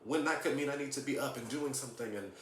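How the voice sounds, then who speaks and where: A man's voice: mid-range voice, quick pace, fairly bright tone. A man from the US South in a casual astrology vlog, talking earnestly into his camera at home. He ends nearly every point with "okay?" and laughs lightly between points. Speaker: astrology vlogger. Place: room at home. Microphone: camera mic. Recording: echoey room with faint hiss.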